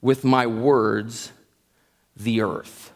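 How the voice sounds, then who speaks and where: A man's voice: medium pitch, fairly even intonation, drawn-out words, voice pushed down. A man voicing God as a chummy, sarcastic figure who talks down to a mortal. It is recorded in an echoey hall. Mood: teasing. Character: God, mockingly stern, teasing a mortal.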